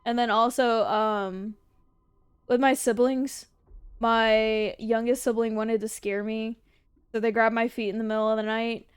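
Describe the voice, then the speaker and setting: A woman's voice: a little high, flat delivery, measured pace, smooth, no echo, studio quality. A woman streamer in casual livestream chat, answering viewer questions, laughing often and swearing freely.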